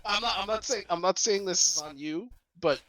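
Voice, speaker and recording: A man's voice: sits high, normal speed, a bit bright, slight background noise, rough recording. A man narrating a tabletop role-playing game as game master, rambling with many restarts.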